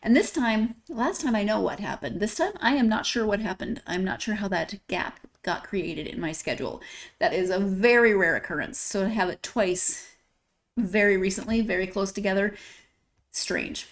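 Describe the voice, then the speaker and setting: A woman's voice: mid-range voice, normal speed. Chatty woman podcast host, self-mocking. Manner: chatty and rambling, laughs at herself. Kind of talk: casual solo podcast sign-off.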